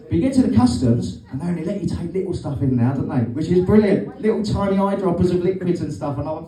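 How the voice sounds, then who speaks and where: A man's voice: a little high, expressive, fast talker, few pauses, dark tone. A middle-aged man doing a rambling, sweary, sardonic stand-up comedy set on a club stage. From Britain. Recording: roomy stage sound from a distance.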